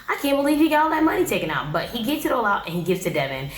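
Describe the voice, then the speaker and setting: A woman's voice: fairly high pitch, big pitch swings, very fast, few pauses, reverberant, poor audio. A woman giving a casual, blunt, sassy recap of a reality show, talking straight to her viewers.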